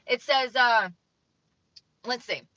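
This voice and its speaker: Young woman vlogging, reading an article out and judging it bluntly, bright sharp voice, kinda dull lo-fi sound. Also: a little high, slow pace, no echo. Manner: blunt and judgmental, reads aloud then comments. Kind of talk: opinionated commentary, reading from an article. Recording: dull lo-fi sound, dry room.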